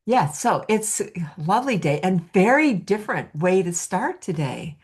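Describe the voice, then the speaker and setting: A woman's voice: mid-range voice, very animated, normal speed, slightly rough. A woman hosting an online class over a video call, chatty and welcoming. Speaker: course host.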